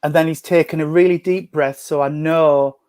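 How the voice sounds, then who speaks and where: Medium, male, chatty and tender, fairly high voice, home video-call sound. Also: steady tone, moderate pace, clear, resonant tone, no room sound. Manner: chatty, gentle, full of endearments. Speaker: spiritualist medium. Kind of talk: mediumship reading in an online service. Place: at home at a breakfast table.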